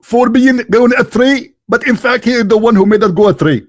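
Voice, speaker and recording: A man mimicking a smug, high preacher. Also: a little fast. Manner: condescending, preachy. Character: smug male preacher scolding a critic.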